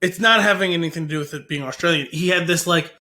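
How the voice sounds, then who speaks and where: A man's voice: fairly high pitch, quick pace, sharp tone. A man co-hosting a movie podcast, giving frank opinions and hedging with lots of "like"s. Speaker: podcast co-host. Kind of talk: casual movie podcast chat.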